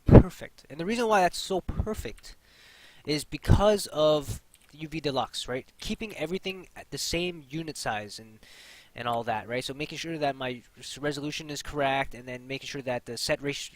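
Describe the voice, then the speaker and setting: A man's voice: a little high, moderate pace, no echo, poor audio. A young man hosting a casual 3D modeling tutorial, chatty, with lots of fillers and repeated key points. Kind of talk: casual screen-recorded tutorial.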